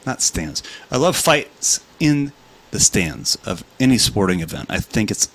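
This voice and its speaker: A man's voice: fairly low pitch, very animated, measured pace, creaky, fairly bright tone. A man co-hosting a live comedy podcast, bantering casually, laughing often and swearing freely. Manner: swearing, laughing, playful put-on voices. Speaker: podcast co-host.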